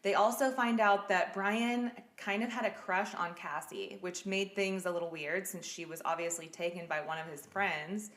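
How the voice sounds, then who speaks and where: A woman's voice: medium pitch, steady tone, normal speed, few pauses, fairly bright tone. A woman hosting a podcast, telling a true-crime case in a casual, blunt way and swearing freely. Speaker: podcast host. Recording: echoey room.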